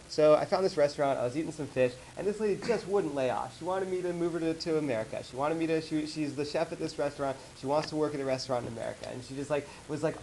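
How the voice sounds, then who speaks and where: Man presenting photos, fast and chatty. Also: on the high side, slight background noise, rough recording. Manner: rambling, animated storytelling with acted-out quotes. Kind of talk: casual slideshow talk. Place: office meeting room.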